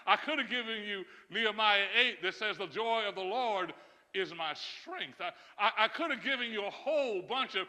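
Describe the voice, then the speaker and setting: A man preaching a sermon as pastor, emphatic and often laughing, building to loud, rising calls. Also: high-pitched, lively intonation, normal speed. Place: church sanctuary. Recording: church sanctuary with long reverb.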